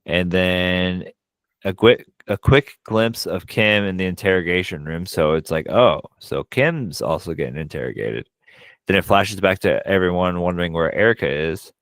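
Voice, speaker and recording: A low-voiced man retelling a movie plot in a casual podcast chat. His voice is smooth and resonant, and the sound is dry and close. He talks in quick animated bursts and swears often. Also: no echo. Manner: frequent profanity. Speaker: podcast co-host.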